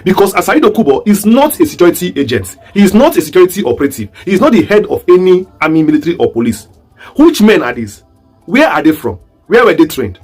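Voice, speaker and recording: A man's voice: high-pitched, very animated, fast talker, darkish tone, husky, faint music behind. A man with a Nigerian accent giving emphatic, rhetorical commentary to his viewers, firing repeated questions. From southeast Nigeria. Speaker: online commentator. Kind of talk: commentary video.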